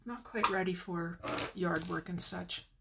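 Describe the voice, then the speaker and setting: A woman's voice: fairly low pitch, unhurried, vocal fry, noisy background. A middle-aged woman chatting with viewers while demonstrating card making on a live stream, with muttered asides to herself.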